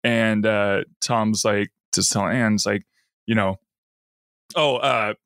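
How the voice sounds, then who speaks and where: Low-voiced man animatedly retelling a story. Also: slow pace, creaky, a little hiss or hum. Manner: animated retelling, acting out lines in a raised voice. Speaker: podcast co-host. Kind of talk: casual chat recapping an episode.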